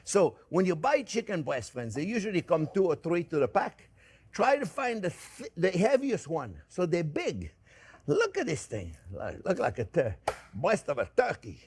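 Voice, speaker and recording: A man's voice: a little high, wildly swooping pitch, moderate pace, slightly rough. A man hosting a home cooking demonstration, chatting to viewers as friends and often repeating himself as he shows each step. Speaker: cooking show host.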